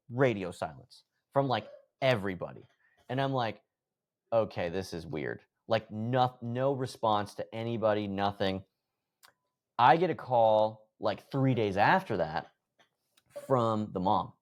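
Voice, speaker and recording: A man's voice: fairly low pitch, expressive, measured pace, dull audio. A man in his thirties, a podcast guest, telling a story casually and animatedly, acting out conversations and swearing freely. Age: 30s.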